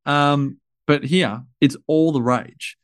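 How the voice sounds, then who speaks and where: A man's voice: fairly high pitch, slow, fairly bright tone, no room sound, studio quality. A man hosting a podcast interview, chatty and playful, rambling a bit with plenty of fillers. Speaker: podcast host. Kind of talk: casual conversational interview.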